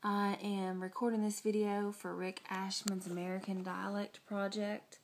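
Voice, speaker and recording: A woman in her thirties from Arkansas with a Southern accent, introducing herself and reading a story for a dialect sample in a measured, soft-spoken way. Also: mid-range voice, little pitch movement. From Searcy, Arkansas, US South.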